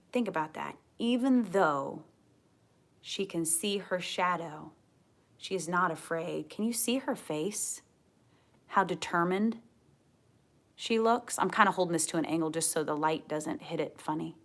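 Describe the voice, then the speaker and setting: A woman giving a tarot card reading to camera, gentle and earnest, often repeating her key phrases. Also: lowish voice, measured pace. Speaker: tarot reader.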